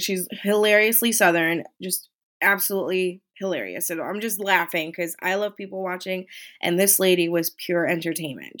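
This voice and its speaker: A woman vlogger casually recounting a cruise trip, chatty and animated, acting out the people she met. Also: on the low side. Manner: chatty, animated retelling with quoted voices. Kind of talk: casual storytelling.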